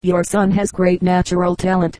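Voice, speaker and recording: A woman's voice: fairly low pitch, level tone, normal speed, dark tone, no echo, lightly acted, rough recording. A woman voicing a generous, respected older artist and father, speaking formally.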